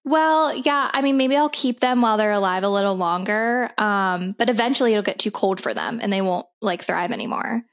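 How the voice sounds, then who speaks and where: A woman's voice: mid-range voice, fairly quick, hardly any pauses. Bubbly young woman podcast co-host. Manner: bubbly, enthusiastic. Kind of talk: casual chat.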